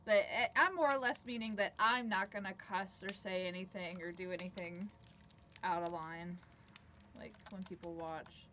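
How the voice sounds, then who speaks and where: A woman's voice: mid-range voice, fairly even intonation, normal speed, pushed and bright, a little hiss or hum. A young woman livestreaming a video game, chatting casually and thinking aloud, sometimes dropping to a mutter. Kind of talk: casual gameplay commentary.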